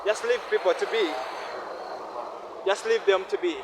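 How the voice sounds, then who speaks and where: A Ugandan man in his twenties vlogs outdoors beside a busy road, his fairly high voice riding over loud traffic noise. He speaks earnestly and repeats himself, often checking in with the listener. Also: normal speed. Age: 20s. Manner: earnest, repetitive, asks listener "no?". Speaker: vlogger. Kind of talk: casual vlog monologue.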